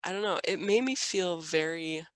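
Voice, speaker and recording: A woman's voice: lowish voice, moderate pace, no echo. A woman telling her own story on a podcast, casual and chatty with lots of fillers. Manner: chatty, frequent fillers and laughter. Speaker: podcast guest, mother.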